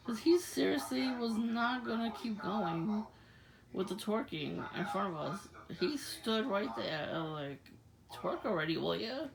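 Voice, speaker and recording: A woman's voice: fairly high pitch, takes it slowly, creaky, a crowd in the background, poor audio. A woman talking casually to camera, laughing often as she rambles through a story. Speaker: vlogger. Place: outdoors at night.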